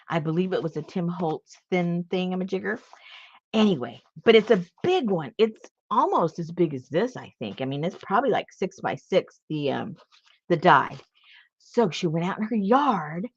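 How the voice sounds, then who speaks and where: A woman's voice: on the low side, no room sound, dull audio. A woman hosting a casual live chat about crafts, telling stories with lots of animation. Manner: animated storytelling with laughs. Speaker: host.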